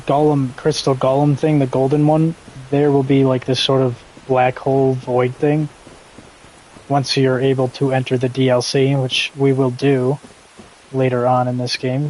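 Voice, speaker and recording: Young male streamer, laid-back and rambling, casual swearing, middle-pitched. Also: a little mellow, low-quality recording. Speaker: gaming streamer. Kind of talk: casual live gameplay commentary.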